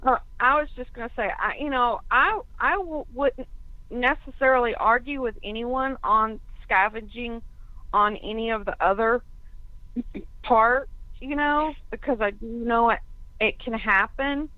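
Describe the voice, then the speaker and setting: A woman's voice: a little high, measured pace, dry recording. A woman on a conference call, thinking aloud in a hesitant way with many restarts. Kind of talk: casual discussion on a call. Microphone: phone. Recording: tinny phone line.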